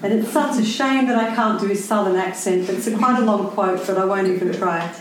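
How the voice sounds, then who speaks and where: A woman writer giving a prepared talk to a live audience, speaking in a wry, deliberate and pointed way. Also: mid-range voice, a little hiss or hum. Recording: very echoey room.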